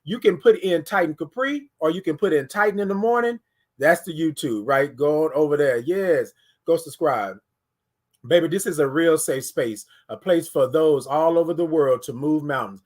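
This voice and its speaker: A man hosts a casual morning livestream. His voice sits high, and he talks to the viewers in an animated way, reading their comments back to them. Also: moderate pace. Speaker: livestream host.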